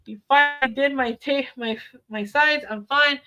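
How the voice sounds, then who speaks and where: A middle-aged woman talks straight to her live stream viewers. She is blunt and defiant and swears freely. Her voice sits a little high and sounds bright and forceful. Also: normal speed, faint music behind. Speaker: livestreamer. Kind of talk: casual live stream chat.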